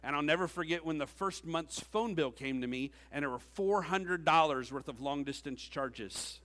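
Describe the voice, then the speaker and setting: Bright-voiced preacher-teacher. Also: male voice, fairly high pitch, normal speed, big-room sound. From Georgia, USA. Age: middle-aged. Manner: joking, self-deprecating, with frequent "okay?" asides. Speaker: teacher and speaker at a senior ceremony. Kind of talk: conversational sermon-style address.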